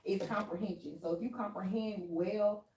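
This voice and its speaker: A woman's voice: mid-range voice, fairly even intonation, moderate pace, warm tone. Frank woman on a panel, distant roomy mic. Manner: frank, conversational, laughs easily. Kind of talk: panel discussion, candid advice. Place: workshop room. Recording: roomy hall from far off with noise.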